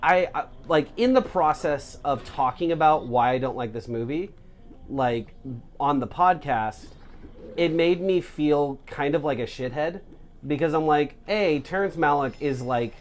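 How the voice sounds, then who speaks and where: Co-hosting a let's play, a young man rambles and swears, cramming "like" into nearly every sentence. His fairly high voice is animated and a little slow, with slight background noise.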